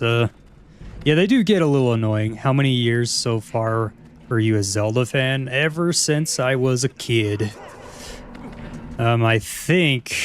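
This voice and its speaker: A man streaming a video game, chatting casually and answering viewers' questions with easy chuckles. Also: medium pitch. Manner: laid-back, chuckling, rambling restarts. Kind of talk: casual gameplay commentary, answering chat.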